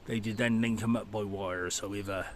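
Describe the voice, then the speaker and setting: A man's voice: fairly low pitch, steady tone, moderate pace, slight background noise, lightly acted. A man doing an old rustic countryman. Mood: matter-of-fact. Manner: rustic dialect grammar, matter-of-fact. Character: plain-spoken old countryman, male, friendly.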